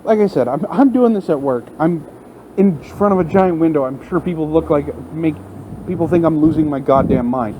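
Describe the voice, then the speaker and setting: A man's voice: on the high side, moderate pace, dark tone, a little hiss or hum, rough recording. An angry man delivering an unscripted, profane rant into his phone at work, in front of a large window. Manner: heated, profane ranting. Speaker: vlogger.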